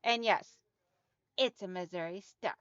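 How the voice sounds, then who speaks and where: A woman's voice: mid-range voice, a little slow, clean tone, no room sound, dull audio. A woman hosting a casual quilting livestream, chatty and talking straight to her viewers as she reads out their comments.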